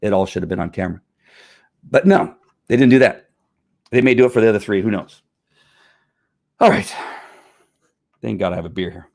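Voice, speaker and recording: A man's voice: lowish voice, brisk, creaky, long pauses, a little mellow. A middle-aged man, a former police officer, hosting his own show and talking casually in a frustrated, emphatic rant. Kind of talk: casual livestream commentary.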